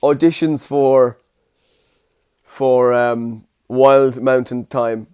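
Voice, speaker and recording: A man's voice: mid-range voice, fairly even intonation, extremely slow, darkish tone, clean tone. A young man hosting a casual, rambling solo podcast alone in his room, recorded on his phone. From Ireland. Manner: jokey, rambling, self-deprecating. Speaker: podcast host.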